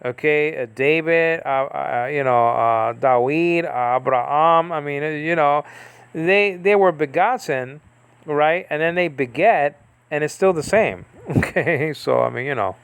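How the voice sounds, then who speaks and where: Gravelly man rambling through a Bible lesson. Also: fairly high pitch, a little slow, a bit bright, no echo. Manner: rambling, full of fillers and asides. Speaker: Bible teacher. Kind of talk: casual Bible study lesson.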